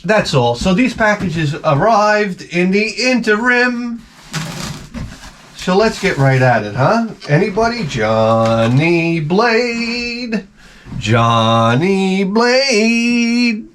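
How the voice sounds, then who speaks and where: A middle-aged man talks his way through a crude, rambling package-opening vlog, his pitch swinging all over as he swears and jokes. He lapses into quick mock voices to tell his stories. A faint hiss sits under the recording. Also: lively intonation, a bit bright.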